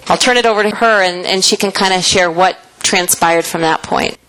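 A woman's voice: lowish voice, normal speed, a bit bright, low-quality recording. A woman firmly recounting a shared experience in conversation, with emphatic quoted speech. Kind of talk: conversational storytelling.

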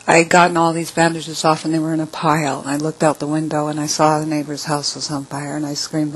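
Emotional lower-voiced woman storyteller. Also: level tone, quick pace, few pauses, low-quality recording. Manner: emotional, often dropping to a soft hush. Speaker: speaker telling her life story. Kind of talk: emotional personal testimony talk.

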